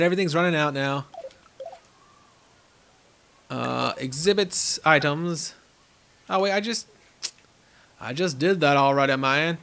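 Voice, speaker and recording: A bright, keen-edged young man's voice, pitched a little above the usual for a man. He gives chatty game commentary, talks to the animals on screen and now and then bursts out loud. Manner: excitable, talks to the animals, sudden loud outbursts. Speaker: gaming channel host.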